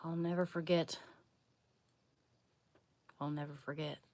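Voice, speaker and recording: A young woman chatting casually on a livestream while doing a face mask, wry and low-key. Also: level tone, measured pace, darkish tone, dry recording.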